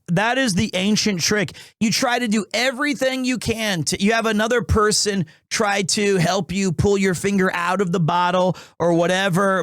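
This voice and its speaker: A man with a notably high voice talks casually on a live stream. He jokes with his viewers and rambles, often stopping and restarting his sentences. The sound is dry and close, with no room echo. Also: a bit bright. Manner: rambling, full of restarts and self-corrections; joking and playful with chat.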